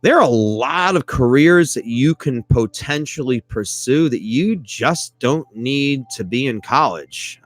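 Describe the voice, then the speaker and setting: A man hosting a live podcast in a casual chat style, animated and self-mocking, and he keeps asking listeners for feedback. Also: medium pitch. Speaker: podcast host.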